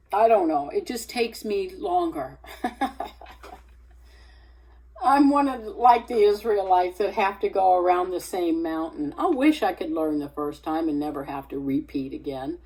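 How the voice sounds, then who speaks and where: A woman speaks in an unhurried, halting way, pausing on fillers and restarting her sentences. Her voice sits low and sounds warm and mellow. She gives a personal testimony of faith. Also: husky, low-quality recording. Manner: rises in pitch and energy when retelling scripture. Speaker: vlogger sharing faith testimony.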